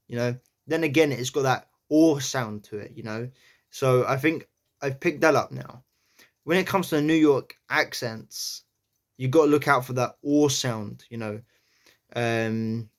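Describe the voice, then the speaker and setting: A man's voice: mid-range voice, a little slow. A man casually talking through his accent practice, thinking aloud and often saying "you know".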